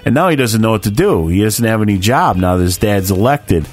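A man's voice: fairly low pitch, animated, fairly quick, faint music behind. Rambling, profane man retelling a movie. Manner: rambling storyteller, profane, laughs often. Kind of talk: casual chat.

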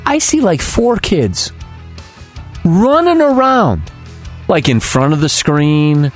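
A man's voice: on the high side, takes it slowly. A male podcast host in loose, profane chat mode, his voice leaping up and down as he recounts things. Faint music plays under him. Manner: animated, swears freely, mimics people. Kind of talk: casual profane storytelling.

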